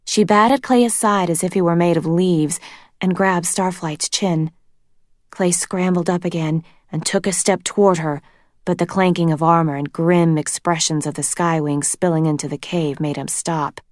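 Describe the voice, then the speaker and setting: Woman narrator reading a fantasy book, low voice, slow and dry close sound. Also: fairly even intonation, no room sound. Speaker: reader. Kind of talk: storybook read-aloud narration.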